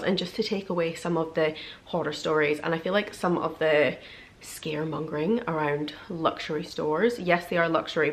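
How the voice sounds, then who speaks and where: Young British woman, low-ish voice, gushing chatty unboxing vlogger. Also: fairly bright tone. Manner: gushing, chatty, many fillers like "like". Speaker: beauty and lifestyle vlogger. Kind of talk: excited unboxing vlog chat.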